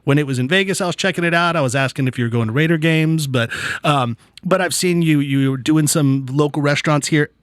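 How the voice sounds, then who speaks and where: A man hosting a podcast, telling stories in a casual, animated way and acting out what people said. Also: fairly high pitch, fast talker, few pauses, clear, resonant tone, no echo. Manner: animated storyteller acting out quotes. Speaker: podcast host. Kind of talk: casual chat.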